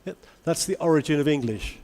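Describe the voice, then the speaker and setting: A man giving a lively conference talk to English teachers, asking the audience many questions. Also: fairly high pitch, fairly quick. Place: large convention hall. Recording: long hall reverb.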